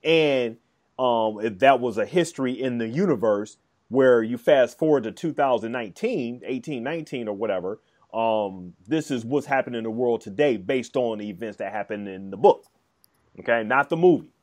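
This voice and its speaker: Hesitant man, middle-pitched voice. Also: moderate pace, a little mellow. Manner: hesitant, many fillers and restarts. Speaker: podcast co-host. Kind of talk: casual chat.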